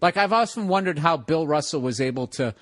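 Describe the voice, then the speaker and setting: A man's voice: fairly high pitch, expressive, brisk, a bit bright, no room sound. A man hosting a casual chat, telling rambling, profane stories and laughing through them.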